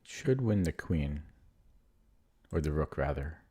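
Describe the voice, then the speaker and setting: A man streaming chess, thinking aloud in a low-key, muttering way as he works through puzzles and questions his own moves. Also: very animated, slow, heavy background noise. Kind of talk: casual thinking aloud while solving puzzles.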